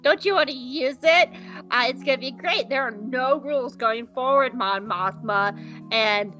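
A smug schemer coos in a high, syrupy, falsely cheerful voice, as a woman puts him on. His tone stays bright and sugary. The podcast audio is slightly dull. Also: measured pace, soft background music. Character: smug, scheming man who runs a shop.

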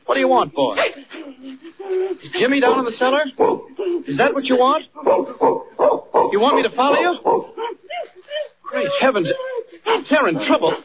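A man's voice: very high voice, big pitch swings, measured pace, long pauses, over a noisy crowd, exaggerated voice. An actor playing Superman in an old radio drama, calling out with urgency. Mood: urgent. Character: Superman as a calm hero. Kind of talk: 1940s radio acting. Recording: dull old radio recording.

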